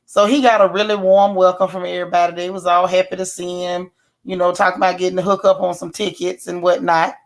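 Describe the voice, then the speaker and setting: A woman, recapping a TV episode in a sassy, animated way and chatting with her live viewers. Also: medium pitch. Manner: sassy, animated storytelling with mock quotes. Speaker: YouTube TV show reviewer. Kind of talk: casual live-stream recap talking to chat.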